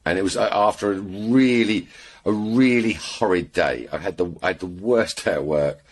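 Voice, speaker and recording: A man's voice: low-pitched, moderate pace. A British man from England, a podcast guest chatting casually and telling rambling stories full of restarts and asides. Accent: British English. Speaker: podcast guest, airgun shooter. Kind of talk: casual chat.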